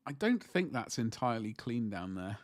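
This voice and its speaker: A man's voice: lowish voice, very animated, moderate pace. A man chatting casually to viewers on a livestream as he paints miniatures, rambling and joking in asides.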